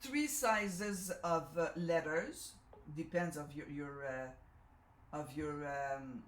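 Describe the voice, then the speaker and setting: A woman's voice: deep voice, takes it slowly. A woman with a Canadian French accent, French her first language, demonstrating a sewing machine in a chatty, self-correcting way, often asking "okay?". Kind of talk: live product demonstration. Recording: echoey room.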